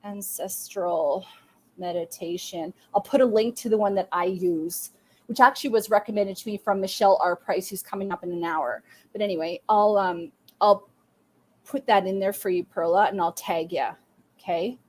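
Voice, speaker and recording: Woman host giving live psychic readings; soft, effusive, emphatic, fillers throughout, mid-range pitch. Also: moderate pace. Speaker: psychic medium and podcast host. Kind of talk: live-streamed intuitive reading.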